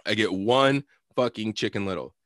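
A man's voice: fairly low pitch, normal speed, no room sound. Young guy podcasting, cussing a lot, dead dry close mic, just rambling through a story. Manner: animated, profane, lots of fillers and laughter. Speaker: podcast co-host. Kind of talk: casual storytelling chat.

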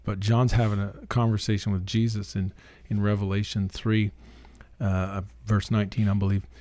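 A man's voice: fairly low pitch, level tone, moderate pace, a little mellow, dry recording. A middle-aged Canadian man and preacher, telling his story earnestly and emphatically in a casual interview, sometimes quoting others. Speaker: guest, preacher.

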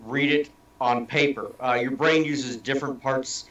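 A chatty man rambling through an explanation on a panel show. He sits well back from the mic in a roomy space. His pitch is mid-range. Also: fairly even intonation, a little slow, fairly bright tone, far from the mic, muffled recording. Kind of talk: casual panel chat.

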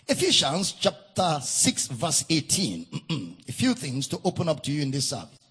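A man preaching a sermon at a church service, repeating key phrases and swinging between shouted, sung emphasis and drawn-out words. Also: fairly high pitch, very animated, husky. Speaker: pastor.

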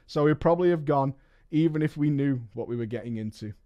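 A man streaming, reading a story aloud and breaking off with quick, joking reactions. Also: a little high, muffled recording. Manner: animated, swears and laughs often, reads in quick asides.

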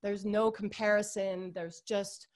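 A woman's voice: mid-range voice, little pitch movement, a little slow. A woman talking as a podcast guest in a casual, upbeat, gushing way, full of "like" and "you guys". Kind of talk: casual interview chat.

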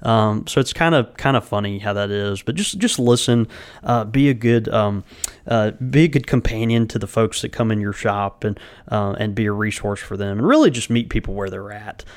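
A man's voice: on the low side, moderate pace. A man co-hosting a podcast in casual chat, rambling and full of filler words. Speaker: podcast co-host.

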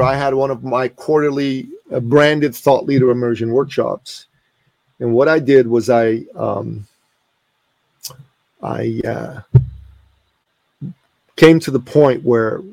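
Male podcast guest in his 40s; emphatic, passionate storyteller with a mid-range pitch and a dry, close recording. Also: gravelly, darkish tone, no echo. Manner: emphatic, passionate, with repeated restarts. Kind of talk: animated storytelling.

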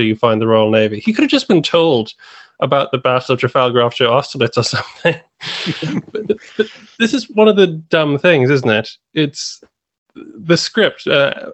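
A man on a podcast panel, animated in casual chat and laughing as he talks. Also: medium pitch, no echo. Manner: animated, laughs while talking.

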